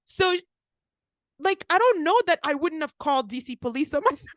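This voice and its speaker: A woman's voice: sits high, normal speed, no echo. A young woman, a pharmacist co-hosting a podcast, telling a story casually, saying "like" a lot and acting out what people said. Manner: animated, acts out quotes, frequent "like".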